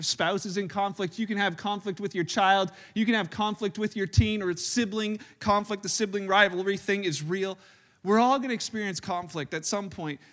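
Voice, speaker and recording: Bright, high-voiced male pastor. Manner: chatty, self-deprecating storytelling with many restarts. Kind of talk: sermon with family stories. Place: church service.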